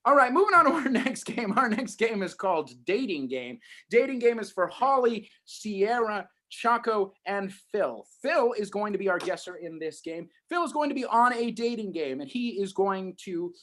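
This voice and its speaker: A man's voice: high-pitched, sing-song, normal speed, sharp tone. A man hosting a livestreamed improv show, upbeat and explaining the games with many ums. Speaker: host.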